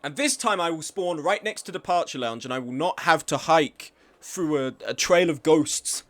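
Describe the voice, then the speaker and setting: Male streamer, fairly high voice, self-mocking swearing banter with viewers. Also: moderate pace. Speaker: game streamer. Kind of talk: casual live-stream chat while gaming.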